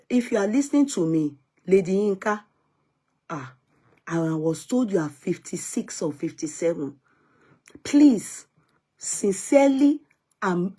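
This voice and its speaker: A woman's voice: on the low side, mellow, slightly rough. A young woman with a Nigerian accent giving earnest, pleading commentary in a vlog, often repeating herself as she talks. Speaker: vlogger.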